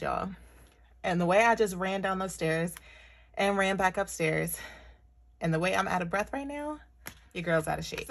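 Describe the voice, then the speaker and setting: A woman's voice: lowish voice, a bit bright. Chatty woman counting cash aloud. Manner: chatty, talks to viewers as y'all, counts money aloud. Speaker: budgeting vlogger. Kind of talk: casual chat while counting cash. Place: her bedroom upstairs at home.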